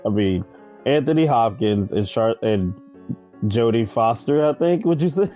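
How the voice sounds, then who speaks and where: A man's voice: mid-range voice, lively intonation, a little slow, warm tone, dull audio, faint music behind. Rambling, joking podcast co-host man. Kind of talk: casual chat.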